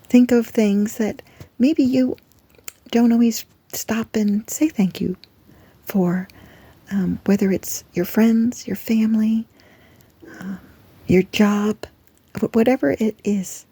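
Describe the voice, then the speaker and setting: A woman giving an earnest, gentle devotional talk that encourages her listeners. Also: on the high side, steady tone, slow, pauses often, breathy edge, dry recording. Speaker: Christian devotional speaker.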